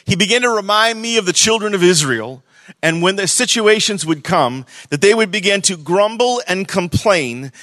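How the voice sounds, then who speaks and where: A man preaching a sermon to a church congregation, conversational and animated, swinging between loud emphasis and hushed moments. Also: on the high side, no echo. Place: church service.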